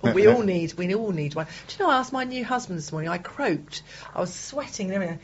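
A woman's voice: medium pitch, fast talker. Chatty middle-aged woman co-host. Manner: chatty, lively and laughing. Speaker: radio co-host. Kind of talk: casual radio chat. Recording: dull radio studio sound with faint noise.

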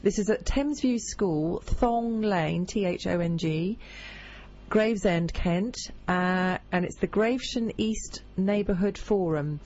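A woman's voice: medium pitch, slow, a little mellow, muffled recording. A woman with a New Zealand accent co-hosting a radio show, teasing her co-host and reading out event notices. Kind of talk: casual radio chat.

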